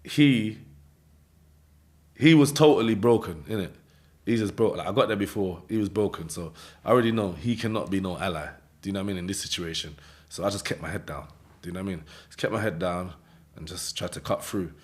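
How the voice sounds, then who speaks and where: A man with a London accent telling his life story in an interview, in slangy, animated street talk. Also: deep voice, fairly quick.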